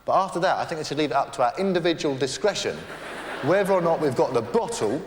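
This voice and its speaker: Rambling comedian in a big hall. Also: male voice, fairly high pitch, lively intonation, heavy background noise. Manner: rambling, self-deprecating, halting restarts. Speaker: stand-up comedian. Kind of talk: live stand-up comedy. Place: large theatre stage. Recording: echoey theatre with crowd. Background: audience laughter.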